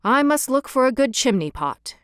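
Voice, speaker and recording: A woman's voice: sits high, very animated, normal speed, no room sound, clean studio sound. A woman voicing a vain, fussy little male swallow who chatters and gets straight to the point.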